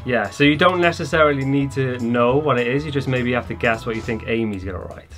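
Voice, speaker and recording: A man's voice: medium pitch, fast, fairly bright tone, faint music behind. A man hosting a casual online game show, reading out questions with a playful, jokey manner.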